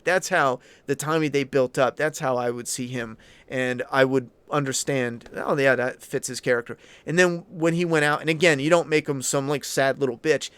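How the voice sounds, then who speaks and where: A man's voice: medium pitch, fairly even intonation, normal speed, a bit bright, smooth, no echo. A man hosting a casual opinion commentary, answering viewer chat in a blunt, ranting way with frequent swearing. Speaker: channel host.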